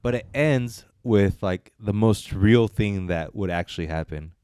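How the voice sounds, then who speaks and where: In an unhurried, casual film-review chat, a podcast co-host talks with a low, resonant, smooth voice and a darkish tone. He wanders and hesitates, often doubling back with fillers and restarts, on a dry, close recording with no room echo.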